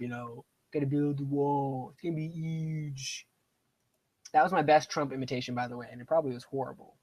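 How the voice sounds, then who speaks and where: On a rough recording with no echo, a young man with a mid-range, slightly rough voice plays a strategy game on stream. His talk is loose and meandering, full of side stories and self-directed remarks about what to do next.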